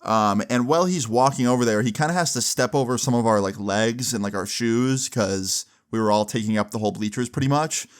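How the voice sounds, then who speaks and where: A young man at a mid pitch tells a casual story, swearing freely and leaning on filler words. He sounds loose and conversational, like a storyteller talking to his followers. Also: brisk, hardly any pauses, smooth. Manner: crude, casual, many "like" fillers.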